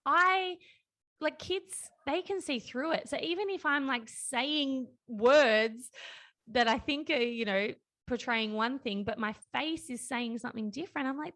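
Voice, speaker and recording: A woman in her thirties hosts a relaxed podcast chat, and her voice sits a little high. She talks freely and acts out the voices in her anecdotes, which gives her storytelling plenty of life. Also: measured pace. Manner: chatty, acts out quoted voices. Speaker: podcast host.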